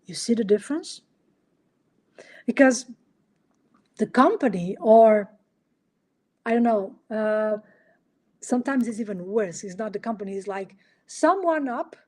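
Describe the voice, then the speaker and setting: Woman talking on her podcast, bit high and warm sounding, animated, coaching, little grammar slips. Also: unhurried, pauses often. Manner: animated, acts out little dialogues, asks rhetorical questions. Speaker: podcast host. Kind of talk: solo coaching talk.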